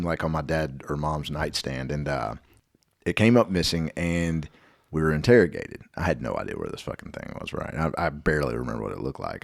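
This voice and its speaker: A man's voice: creaky, no echo, clean studio sound. A man co-hosting a podcast, telling a story in a laid-back way with plenty of swearing. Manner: swearing, laid-back storyteller who drops his voice low. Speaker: podcast co-host. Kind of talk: casual storytelling chat.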